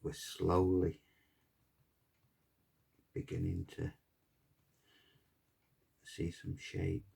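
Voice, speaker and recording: Gravelly deep-voiced man. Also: completely flat delivery, extremely slow, long pauses, darkish tone. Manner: chatty, rambling storyteller. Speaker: pyrography tutor. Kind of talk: casual tutorial chat while working.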